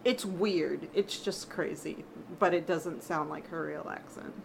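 A woman co-host in a casual panel chat, opinionated and amused, quick to jump in. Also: deep voice, creaky, background noise.

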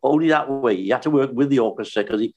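A man's voice: medium pitch, fast talker, muffled recording. Older man telling stage stories. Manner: anecdotal, animated, laughs while telling stories. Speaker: singer and entertainer. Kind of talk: casual reminiscing chat.

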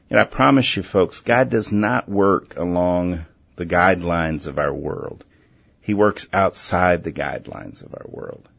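A man hosting a Christian call-in radio show, talking earnestly and gently and often restarting his words. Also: low voice, measured pace, creaky, highs cut off. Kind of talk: faith-based call-in radio talk.

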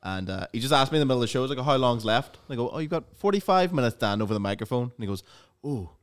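Laid-back Scouse man, mid-pitched voice. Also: racing, clear, resonant tone. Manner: laid-back, self-mocking. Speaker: guest, club tech manager. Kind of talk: casual comedy banter. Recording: crowd noise behind.

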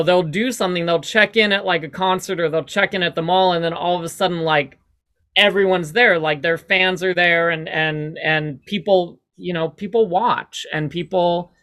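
A man chatting as a guest on a podcast. His voice is bright and forward, and he rambles easily, dropping "like" into almost every sentence. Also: a little high. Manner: rambling, many "like" fillers. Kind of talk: casual interview chat.

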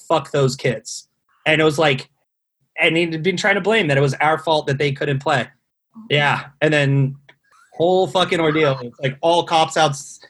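A man guesting on a podcast rambles through a lengthy tour story, casual and full of fillers and frequent swearing. His voice is a little high with a fairly bright tone.

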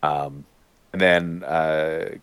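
A man with a very low voice chats casually and eagerly, rambling through fillers and restarts. He sometimes leaps into high-pitched impressions of other voices. The sound is close and dry, with no room echo. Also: fairly even intonation, drawn-out words, fairly bright tone, clear, resonant tone. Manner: mimics voices with sudden high-pitched bursts. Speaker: podcast panelist. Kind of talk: casual chat.

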